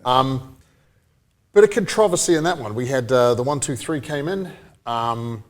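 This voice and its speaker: A man's voice: medium pitch, lively intonation, moderate pace. A man from New Zealand co-hosting a motorsport podcast, rambling and chatty, often laughing. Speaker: podcast co-host. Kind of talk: casual chat.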